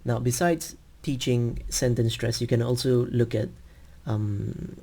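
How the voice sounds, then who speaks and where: A man teaching English over a video call, explaining patiently and slowly with frequent ums. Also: medium pitch, steady tone, creaky, dark tone. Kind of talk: screen-share teaching demo.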